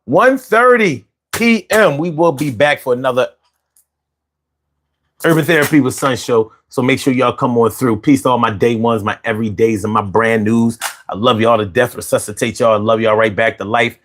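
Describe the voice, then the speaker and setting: A man's voice: mid-range voice, steady tone, fairly quick, slight background noise. Tired, loose-talking male stream host. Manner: loose, repetitive, slangy, restarts words. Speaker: livestream show host. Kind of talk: casual livestream chat.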